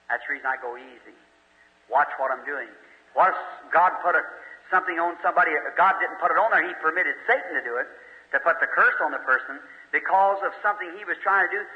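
A man preaching a revival sermon to a congregation in folksy, plain speech, rising to loud emphatic peaks and dropping to a quiet, confiding tone, often asking "Is that right?". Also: a little high. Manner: folksy, ungrammatical speech with frequent "Is that right?" to the crowd. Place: large meeting hall with a live congregation. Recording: old lo-fi recording in a reverberant hall.

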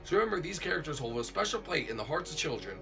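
A man voicing a rambling male voice on a recorded orientation tape in a hobby plush video, quick and offhand. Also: fairly high pitch, sing-song, vocal fry, over music. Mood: breezy.

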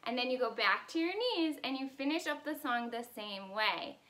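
A woman's voice: high-pitched, expressive, moderate pace, pushed and bright. A woman teacher in a video lesson for young children, cheerful and sing-song as she leads actions and songs. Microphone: camera in front of her.

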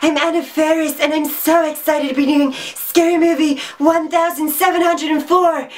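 A man doing a comic impression of a bubbly, excited young actress who giggles and gushes. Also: extremely high pitch, normal speed, recorded from a distance. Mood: gushing. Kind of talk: rapid-fire comic impressions.

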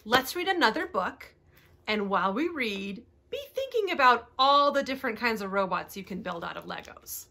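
Animated, breathy storytime librarian woman. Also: on the high side, normal speed. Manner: animated and expressive, speaks to young children. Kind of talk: children's storytime reading.

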